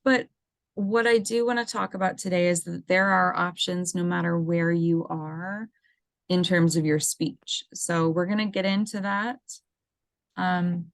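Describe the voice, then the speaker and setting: A woman gives an educational webinar over a computer mic on a video call, speaking in a slow, lowish voice. She explains things casually, with plenty of ums and restarts. The sound is dry and close, with no room around it. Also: steady tone, creaky, no room sound. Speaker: assistive technology coordinator presenting a seminar.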